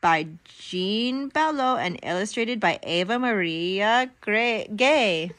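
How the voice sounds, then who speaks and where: A mother reading a picture book aloud to her toddler in an animated, sing-song way, with gasps, exclamations and animal sounds. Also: mid-range voice, slow pace.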